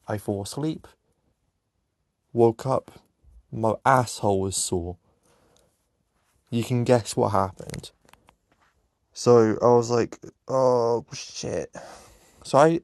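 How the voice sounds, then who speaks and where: Young man, low and gravelly. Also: darkish tone, no room sound. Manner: blunt, swears often, halting with fillers. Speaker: vlogger. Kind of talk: casual storytime.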